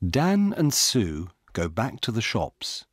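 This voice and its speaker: A man narrating a simple graded reader story slowly and carefully. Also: lowish voice, huge pitch swings, no room sound, clean studio sound. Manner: slow, careful, clearly paced.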